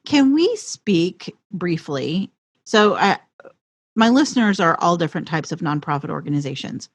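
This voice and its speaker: A woman with a low voice hosts an interview and asks measured, thoughtful questions. Her sound is close and dry. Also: big pitch swings, no room sound. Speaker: podcast host. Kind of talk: conversational interview.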